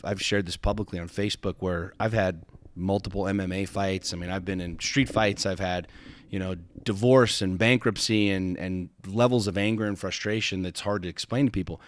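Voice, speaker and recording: A man's voice: low voice, steady tone, moderate pace, slight background noise. A man hosting a podcast, telling a personal story in an intense, emphatic way, swearing often and restarting his sentences. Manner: intense, emphatic, profane, with frequent repeated starts. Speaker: podcast host.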